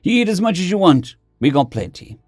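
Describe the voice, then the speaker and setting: A man's voice: sits high, very animated, brisk, darkish tone, no echo, clean studio sound, soft background music, voice pushed up. A man voicing a friendly, blunt human soldier who talks in a casual, slangy way. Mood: easygoing.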